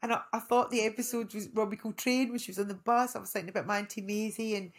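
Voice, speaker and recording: A middle-aged woman with a Scottish accent spins long anecdotes in a relaxed interview, full of restarts and asides. Her voice sits at an ordinary middle pitch, and she tells each story with animated energy. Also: quick pace. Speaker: actress guest. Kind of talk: casual storytelling chat.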